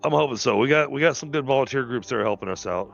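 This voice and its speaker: A man's voice: mid-range voice, animated, rapid-fire, gravelly, highs cut off. A man with a Southern American accent, a guest on a casual gaming stream, rambling and stammering with jokes. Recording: faint background music.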